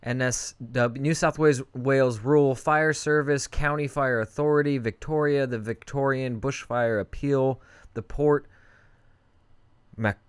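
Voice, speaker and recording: A man's voice: medium pitch, steady tone, measured pace, clean tone, no room sound. A young man co-hosting a casual podcast, rambling in a laid-back way and trailing off mid-sentence. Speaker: podcast co-host.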